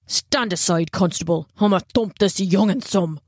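A woman doing a gruff, mean old man. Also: on the low side, normal speed, darkish tone, no echo, studio quality. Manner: gruff, barking, rustic speech. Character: gnarled mean old man, grumpy and threatening.

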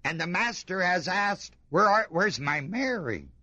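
A man preaching a sermon, reading scripture aloud and commenting on it with emphatic rhetorical questions, dropping to a hush and then rising with fervor. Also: high voice, sing-song, measured pace, no echo. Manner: emphatic, rhetorical questions to the congregation, swings between hushed and fervent.

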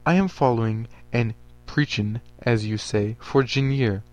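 A man's voice: mid-range voice, a little slow, a little mellow, natural voice. A man voicing an earnest male preacher, a former soldier, who speaks in formal, stiff phrases. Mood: solemn.

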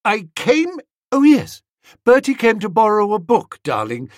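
A storybook reader voicing an imperious, scheming young woman who talks fast and bosses everyone around. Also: medium pitch, wildly swooping pitch, no echo, clean studio sound, voice pushed up. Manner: bossy, fast and breathless.

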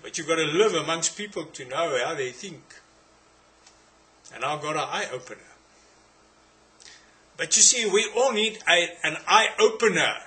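A man's voice: fairly high pitch, animated, a little slow, pauses often, sharp tone. A man with a South African accent preaching a sermon, emphatic and repetitive, firing rhetorical questions at his listeners.

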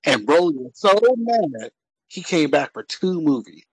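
A man chatting casually on a podcast panel, animated and rambling, quick to laugh. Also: fairly high pitch, slightly rough, no echo, low-quality recording. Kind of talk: casual group chat ranking cartoon characters.

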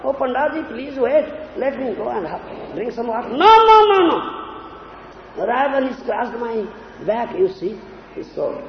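A man's voice: very high voice, slight background noise, heavily acted. An older man voicing a tired young boy in a devotional story. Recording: echoey hall, dull lo-fi sound.

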